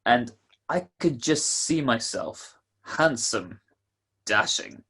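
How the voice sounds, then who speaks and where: An actor playing a jovial male announcer of an old-time radio show, with a husky voice and folksy, salesman-like patter. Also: medium pitch, lively intonation, slow, fairly bright tone, full character voice. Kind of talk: 1940s radio acting.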